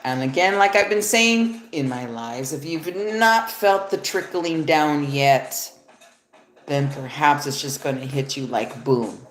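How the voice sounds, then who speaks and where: A woman's voice: low-pitched, lively intonation, takes it slowly. A woman giving a casual live-stream tarot reading, rambling and swearing freely as she talks to her viewers. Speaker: tarot reader. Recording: echoey room with faint music.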